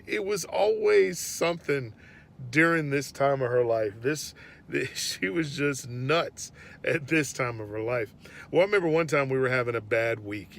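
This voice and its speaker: A man telling an earnest, reflective faith story about his daughter, often dropping to a hush. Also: mid-range voice, slight background noise. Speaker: father sharing a faith reflection. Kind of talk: personal devotional storytelling.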